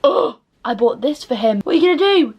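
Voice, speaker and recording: This is a young woman's casual vlog voice, pitched a little on the high side. She rambles candidly and swears freely. Her asides are dry and self-mocking, and she moves from topic to topic with animated energy. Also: fairly quick, slightly rough, dull audio. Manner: animated, jumps between topics. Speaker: vlogger.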